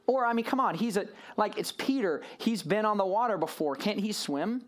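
A man preaching a sermon to a room, telling a story with lively swings in voice and acting out the people in it. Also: high voice, normal speed.

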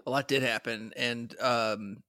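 A man co-host talks in a relaxed, hesitant way, stopping often to restart his sentences. His voice is of middle pitch, and the recording is dry and close. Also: unhurried, no room sound. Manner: hesitant, many uhs and restarts. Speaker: podcast co-host. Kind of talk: casual chat.

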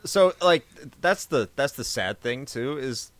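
A man's voice: medium pitch, animated, a little slow, fairly bright tone, no echo. A man guesting on a podcast, sarcastically and crudely ranting about a movie in casual chat.

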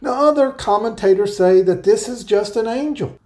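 A man preaching an earnest verse-by-verse sermon, explaining scripture and reading passages aloud slowly. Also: high voice, dark tone. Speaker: pastor. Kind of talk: Bible-teaching sermon.

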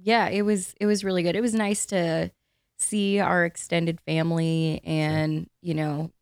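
A woman in her thirties chatting casually as a co-host, a lively storyteller who laughs between her sentences. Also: on the low side, measured pace, clear, resonant tone, no room sound, studio quality. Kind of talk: casual chat.

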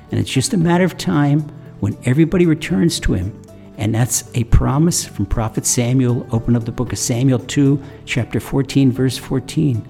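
A man's voice: medium pitch, gravelly, mellow. A man telling a folksy story that turns into a sermon, chuckling now and then as he goes. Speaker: storyteller and religious teacher.

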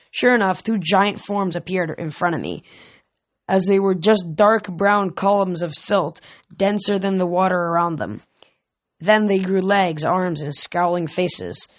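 An audiobook reader narrating a story in first person, in a casual delivery with frequent stumbles and self-corrections. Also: medium pitch.

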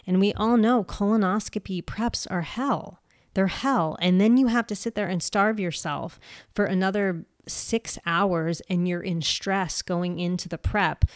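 A woman's voice: fairly low pitch, no echo, studio quality. A woman in her forties hosting a podcast, talking frankly and with emphasis and swearing freely. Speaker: podcast host. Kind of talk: casual podcast talk.

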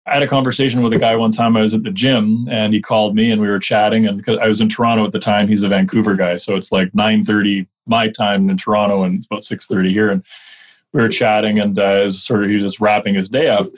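A man coaching mortgage brokers in a casual podcast conversation, energetic and quick to rattle off lists of examples. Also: fairly low pitch.

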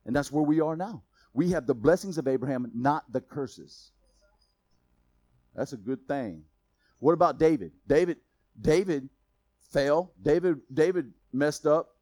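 Man, high voice, casual sermon, chatty and emphatic, dry close sound. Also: measured pace, long pauses, no room sound. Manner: casual, conversational preaching with laughs and asides; swings from loud emphasis to quiet intensity. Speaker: pastor.

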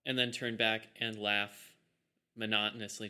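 A man's voice: on the low side, flat delivery, normal speed, sharp tone. A man playing a rogue in a tabletop game, playful and jokey. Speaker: player.

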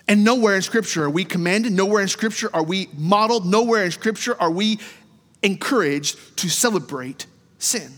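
A man preaching a sermon as pastor, impassioned, slowing down and dropping low to stress key words. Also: a bit bright. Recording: hall reverb.

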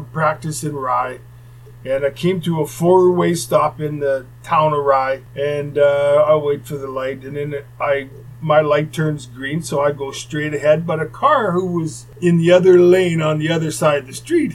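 Older guy rambling through old stories, slightly high voice, faint hum. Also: creaky, poor audio. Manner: rambling anecdotal, restarts and asides. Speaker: former hockey player telling stories. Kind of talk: casual storytelling.

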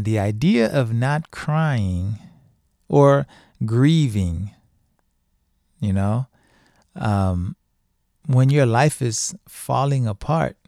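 A middle-aged man talks at an unhurried, deliberate pace, his voice warm and mellow. He speaks casually but firmly, leaning on repeated phrases to drive points home. The sound is dry and close, with no room echo. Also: mid-range voice. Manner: conversational, emphatic, repeats phrases for stress. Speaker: podcast host speaking on divorce and grief. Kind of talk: casual monologue.

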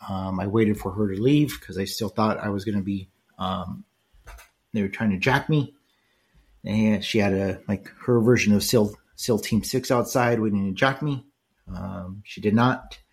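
An older man with a fairly low voice talks through a solo podcast episode. He rambles in a loose, conversational way, full of fillers and little "right?" check-ins. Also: measured pace, husky. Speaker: podcast host. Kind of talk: casual solo podcast monologue.

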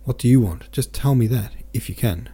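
A man's voice: medium pitch, brisk, dark tone, husky, natural voice. A man reading a curt, stern merchant consul. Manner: curt, scolding. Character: stern middle-aged merchant consul, short-tempered.

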